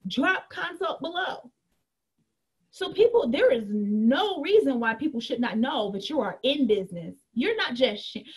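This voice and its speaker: A woman coaching an online group about her business in a candid, animated way. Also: high-pitched. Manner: animated and candid, acts out chats in a bright girly voice. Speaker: network marketing coach.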